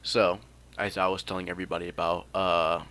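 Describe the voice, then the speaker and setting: A man's voice: low-pitched, level tone, a little fast, pushed and bright. A young man telling an improvised fan story in a rambling, casual way, swearing freely and joking along. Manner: rambling, swears freely, laughs at own jokes.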